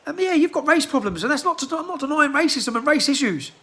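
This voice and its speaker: A man ranting heatedly into a phone held in his hand, his voice pitched very high. It swings up and down a lot and has a bright, sharp edge. He keeps hammering rhetorical questions and stops to clear his throat. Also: expressive, fast. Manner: agitated, fires off repeated rhetorical questions, clears throat often. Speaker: political activist. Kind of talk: impassioned rant to a phone camera. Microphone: handheld phone.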